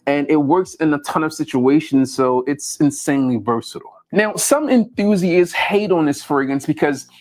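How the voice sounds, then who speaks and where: Hyped man pitching fragrances. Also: normal speed, hardly any pauses. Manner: hyped, salesy delivery. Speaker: fragrance reviewer. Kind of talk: scripted fragrance review.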